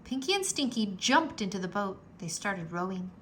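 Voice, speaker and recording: A woman reading a children's book aloud in a slow, animated storytelling manner, with a gravelly edge. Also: medium pitch, a little hiss or hum. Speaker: read-aloud narrator.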